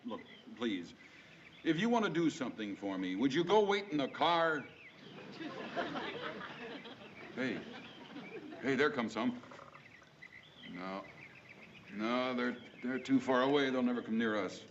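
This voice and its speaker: Actor as an exasperated sitcom duck hunter. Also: male voice, mid-range voice, expressive, measured pace, pauses often, a little hiss or hum, lightly acted. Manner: exasperated, then delighted and laughing. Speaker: sitcom character. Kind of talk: 1960s sitcom acting. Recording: dull old TV audio with studio laughter.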